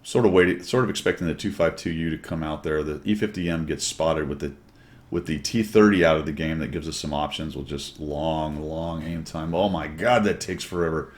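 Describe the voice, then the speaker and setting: Deep-voiced man doing chatty game commentary. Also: brisk. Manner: chatty, wry, jokey asides to viewers. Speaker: gameplay commentator.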